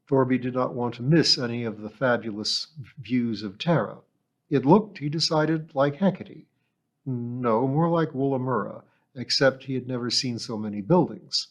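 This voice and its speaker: A man narrating an audiobook in a steady, measured storytelling voice. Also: mid-range voice. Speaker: audiobook reader.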